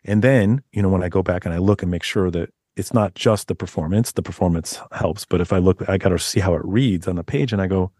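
Man, author guest, low voice, chatty, often restarts himself, dry close-miked sound. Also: a little fast, few pauses, warm tone, dry recording. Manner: chatty, restarts often, laughs while talking. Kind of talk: casual podcast interview.

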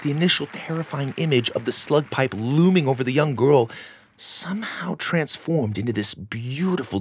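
A man narrating a science-fiction storybook in a steady, gently expressive way. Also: mid-range voice, vocal fry, breathy edge, no room sound, studio quality.

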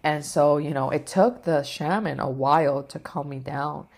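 A woman's voice: sits low, moderate pace, vocal fry, darkish tone. A woman vlogger telling a personal story in an emotional, rambling way, with lots of fillers and the odd swear.

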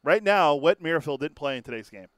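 A man's voice: on the high side, lively intonation, fast talker, dry recording. A man co-hosting a sports talk show, looking up and reading out stats in a matter-of-fact way. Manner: matter-of-fact, reads out numbers.

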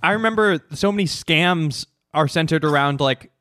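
A man's voice: fairly high pitch, normal speed, bright, forceful tone, no echo. Chatty podcast host, dry-sounding man. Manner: chatty, interjecting, loose phrasing. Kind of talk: casual chat.

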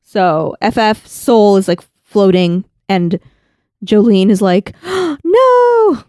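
A woman co-hosting a casual chat, retelling scenes with lively quoted lines. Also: mid-range voice, slow, smooth, no room sound, clean studio sound. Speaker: podcast co-host. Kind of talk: casual chat recapping an anime.

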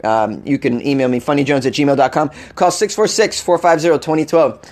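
A young man hosting a comedy news podcast, loose and jokey as he riffs to his listeners. His voice sits fairly high for a man and jumps around a lot, with frequent laughter. He sounds casual, animated and conversational throughout. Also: brisk. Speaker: podcast host.

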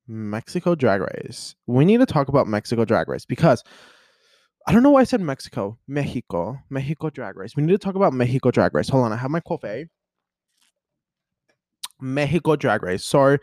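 A young man chatting casually on his own as a podcast host, rambling, excitable and often cutting himself off mid-thought. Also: medium pitch, no room sound, studio quality. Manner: rambling, self-interrupting, excitable. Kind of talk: casual solo chat.

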